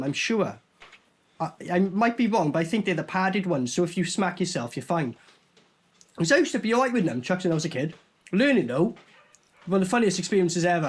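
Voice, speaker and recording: A young man giving sweary, mocking casual commentary while reviewing a film. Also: fairly high pitch. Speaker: movie reviewer.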